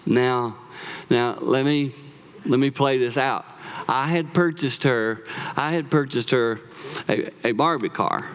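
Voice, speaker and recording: A man in his fifties preaching in church, animated as he tells personal stories, often repeating words and laughing. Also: medium pitch, a little slow, slight background noise. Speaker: pastor.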